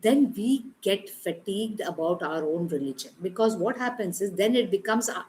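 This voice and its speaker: A woman's voice: medium pitch, lively intonation, normal speed, few pauses, darkish tone, rough recording. A woman in her thirties with an Indian English accent, preaching an emphatic sermon and acting out her prayers to God. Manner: emphatic, repeats words for stress.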